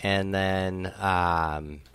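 Low, dry-voiced young man telling stories. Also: fairly even intonation, very slow, clean tone, dry recording. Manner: profane, rambling storyteller with loud bursts of laughter. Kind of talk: casual chat. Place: outdoors by a grill.

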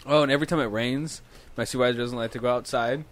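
Fast-talking, swearing young man. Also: medium pitch, steady tone, dry recording. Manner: rambling storyteller, swears constantly, laughs often. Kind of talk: casual chat.

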